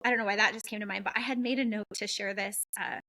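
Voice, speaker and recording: A middle-aged woman from the western United States hosting a podcast, telling stories in a lively, candid and blunt way. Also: mid-range voice, fast talker, rough recording. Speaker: podcast host. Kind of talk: casual chat.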